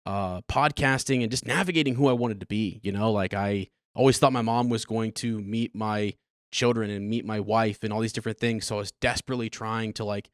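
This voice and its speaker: A man's voice: on the low side, steady tone, brisk, no echo, clean studio sound. A man in his thirties hosting a podcast, telling his personal story in a rambling, earnest and emotional way. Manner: rambling, earnest, emotional, with many restarts and laughs. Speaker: podcast host.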